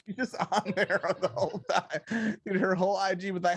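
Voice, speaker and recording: A man co-hosting a podcast, chatting in a loud, profane, animated way. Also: high-pitched, normal speed, slightly rough, dry recording. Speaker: podcast co-host. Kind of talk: casual chat.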